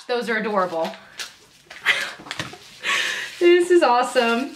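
A woman vlogging as she opens mail, gushing and excitable and laughing often; she works as a teacher. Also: a little high, takes it slowly, long pauses. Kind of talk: casual unboxing chat. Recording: echoey room, faint noise.

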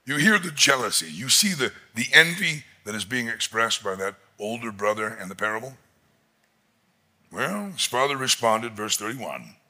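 A man preaching a sermon as pastor, expressive and emphatic, rising to loud peaks. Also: mid-range voice.

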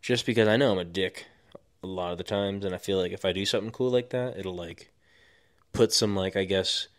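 A man's voice: sits low, fairly quick, no room sound, studio quality. A young man co-hosting a podcast, talking casually, laid-back, swearing a lot and laughing often. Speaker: podcast co-host. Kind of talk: casual chat.

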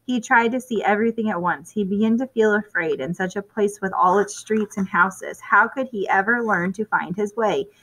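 Woman narrator for a kids' chapter book, clear and even, mid-range voice. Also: mid-range voice, moderate pace, hardly any pauses, rough recording. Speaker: storybook reader. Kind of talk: reading a children's chapter book aloud.

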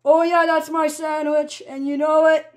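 Woman, high voice, playful chatty vlogger, cooking talk with loud exclamations. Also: flat delivery, a little slow. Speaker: vlogger and entertainer. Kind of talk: casual talk to camera while making a sandwich.

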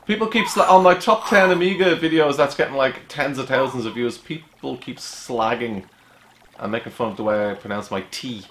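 An Irish man chatting through a video game, excitable and jokey, with quick asides. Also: mid-range voice, a little hiss or hum. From Ireland. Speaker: retro gaming YouTuber. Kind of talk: gameplay commentary. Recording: roomy room with game music. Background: game music.

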